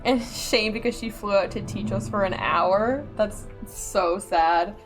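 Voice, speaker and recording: A woman streamer with a Yooper accent from Upper Michigan talks into a close mic, her words rounded and her consonants soft. She rambles and laughs her way through casual chat, her pitch sitting in a middle range. Faint game music plays underneath. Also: unhurried. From Upper Michigan, USA. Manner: chatty and rambling, laughs often. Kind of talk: casual chat while gaming. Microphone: close desk mic.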